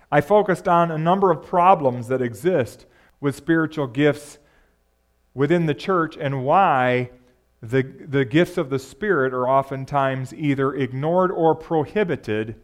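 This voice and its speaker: In an unhurried, slightly high male voice, a pastor talks through his sermon conversationally. He keeps asking the congregation rhetorical questions.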